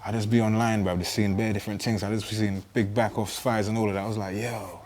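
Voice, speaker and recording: A man's voice: on the low side, little pitch movement, quick pace, a little mellow, a little hiss or hum. A man chatting casually, telling stories in laid-back slang. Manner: laid-back slangy storytelling, tags lines with "bruv". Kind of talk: casual chat.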